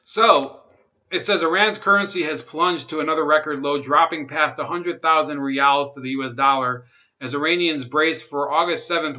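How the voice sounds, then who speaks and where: A young man hosts a livestream, reading news aloud in a bright, tense voice. He drops into sarcastic remarks and reads out viewer comments. The sound is dull and lo-fi, like a home stream. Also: medium pitch. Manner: sarcastic, laughs at own jokes, reads chat comments. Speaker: livestream host.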